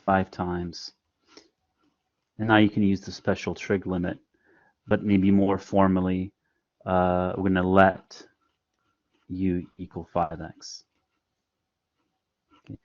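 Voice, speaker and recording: Deep-voiced man teaching online. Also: level tone, takes it slowly, pauses often, a little mellow, no room sound, muffled recording. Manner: patient, step-by-step explaining with frequent fillers. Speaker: math instructor. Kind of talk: online lecture.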